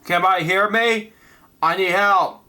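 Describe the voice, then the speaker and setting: A man's voice: high voice, moderate pace. A man reading as a lost, frightened man begging for help. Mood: pleading. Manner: flat, plain reading voice with stumbles.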